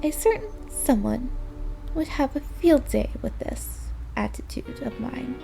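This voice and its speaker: A woman's voice: high voice, expressive, unhurried, gravelly, dark tone, faint music behind. A young woman narrating a visual novel in a wistful, weary inner-monologue voice. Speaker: game voice-over reader.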